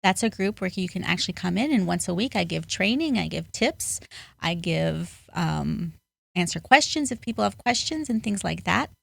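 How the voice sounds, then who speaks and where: A woman's voice: fairly low pitch, expressive, normal speed, vocal fry, dry recording. A woman guest on a podcast, a life coach speaking in an earnest, motivational way with emphatic bursts. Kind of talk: podcast interview.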